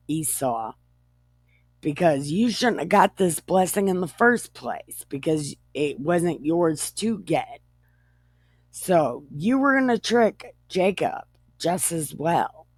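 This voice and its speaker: Slow, animated woman retelling scripture. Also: no room sound. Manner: animated and profane, reads verses then adds blunt commentary; slow, unhurried delivery with wide swings in pitch. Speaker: bible storyteller. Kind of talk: casual comedic retelling of scripture.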